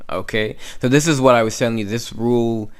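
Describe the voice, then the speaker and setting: A man teaching beginners, explaining letter sounds slowly and checking in with "okay?" after each one. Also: mid-range voice, fairly even intonation, smooth. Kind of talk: slow classroom explanation.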